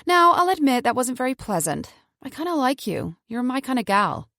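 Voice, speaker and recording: A female narrator doing a patronising captor woman, a touch higher than her reading voice, with a dry, close sound. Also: big pitch swings, moderate pace, a bit bright, no echo, full character voice. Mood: coolly menacing. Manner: chatty, patronising, falsely soothing. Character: cool menacing woman captor with a gun.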